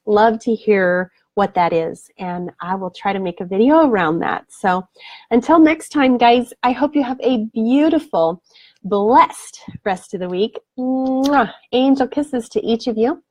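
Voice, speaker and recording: A woman's voice: a little high, measured pace. A woman spiritual coach hosting a live stream, chatting with viewers and answering their comments in an effusive, affectionate way. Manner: effusive and affectionate, blows kisses.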